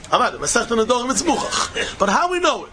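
A man's voice: very high-pitched, very animated, brisk, noisy background. A man giving a Talmud study lecture in a sing-song style, mixing in Yiddish and Hebrew terms and rising into questions. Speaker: Talmud teacher.

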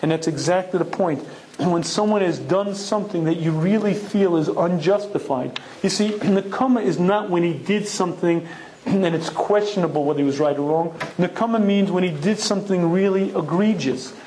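A man gives a Torah lesson in a voice pitched a little high for a man. He speaks emphatically, repeats phrases for effect, and clears his throat often. Faint background hiss sits under the voice. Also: moderate pace, darkish tone, rough recording. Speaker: Torah teacher. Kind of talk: Torah lecture with personal story.

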